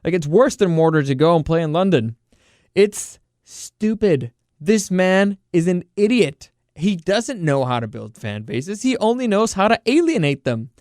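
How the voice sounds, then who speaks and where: High-voiced guy ranting about sports, fed up, smooth voice, dry close sound. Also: a little slow, dry recording. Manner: exasperated, animated rant. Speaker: podcast host. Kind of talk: casual sports commentary.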